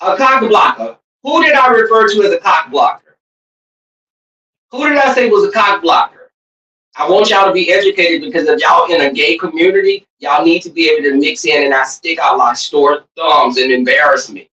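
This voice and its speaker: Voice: mid-range voice, normal speed. Profane, teasing livestream host in a roomy space. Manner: loud, profane and teasing, with sudden shouts and laughs. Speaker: livestream host reading chat. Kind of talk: casual livestream chat. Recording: roomy, distant, dull lo-fi sound.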